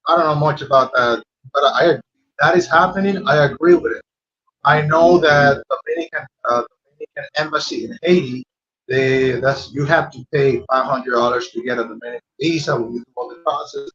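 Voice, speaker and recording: A man's voice: mid-range voice, brisk, a bit bright, dull audio. A man guest in casual chat who speaks hesitantly, stammering and restarting his sentences.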